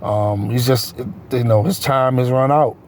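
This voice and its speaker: A man's voice: medium pitch, unhurried, darkish tone, slight background noise. A man giving casual solo sports talk as a host, rambling and correcting himself with many fillers.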